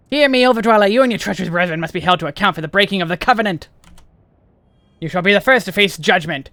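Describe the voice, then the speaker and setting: A man's voice: high voice, bright, forceful tone, dry recording. A man doing a zealous little beast-tribe priest. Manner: fervent preaching.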